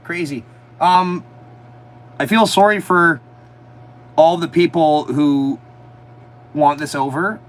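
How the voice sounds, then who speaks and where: A man chatting on a casual livestream from a motorhome, telling animated stories with a lot of swearing and mockery. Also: a little high, slow pace, long pauses, low-quality recording. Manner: animated storytelling, swearing, mocking. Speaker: livestream host. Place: inside a motorhome.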